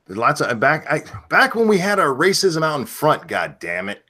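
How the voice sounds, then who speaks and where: A man hosting a live stream chat, joking and irreverent with quick asides. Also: on the high side, sing-song, bright, forceful tone. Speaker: stream host.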